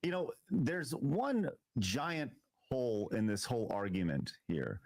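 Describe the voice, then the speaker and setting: A man hosting a casual political chat show, animated, repeating himself and reading out viewer comments. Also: medium pitch, unhurried, no echo. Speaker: host.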